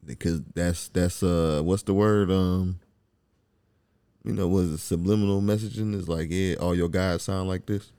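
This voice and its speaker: A man's voice: unhurried, clear, resonant tone. A man, chatting casually as a podcast co-host and acting out quotes. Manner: animated, acts out quotes in high voices. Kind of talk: casual chat about a TV show.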